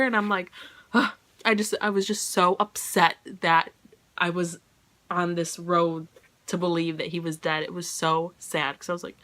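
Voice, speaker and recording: A woman talking through a book review in a casual, gushing way. Her voice is bright and forward, and she scatters her talk with "like" and "you know". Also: on the low side, moderate pace.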